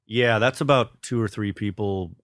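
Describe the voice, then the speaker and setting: A man as a podcast guest telling a self-deprecating story, halting with many fillers. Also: lowish voice, no echo, studio quality. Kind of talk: casual storytelling interview.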